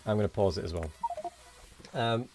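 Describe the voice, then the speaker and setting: A man's voice: lowish voice, moderate pace, over music. Tired man chatting on a game stream. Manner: tired, rambling, thanking viewers. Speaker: streamer host. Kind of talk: casual live-stream chat.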